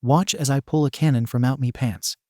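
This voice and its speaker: A man voicing a brash young male hero who talks like a pirate and brags loudly, in a fan-made comedy story reading. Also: a little fast, dry recording, studio quality, close to an everyday voice. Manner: swaggering pirate talk with lower, quieter voice.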